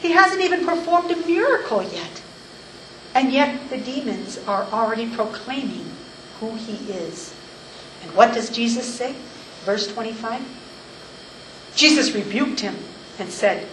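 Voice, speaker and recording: A woman giving verse-by-verse Bible teaching, emphatic and slowing down to stress key phrases. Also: mid-range voice, lively intonation, a little hiss or hum. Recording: echoey room, mic at a distance.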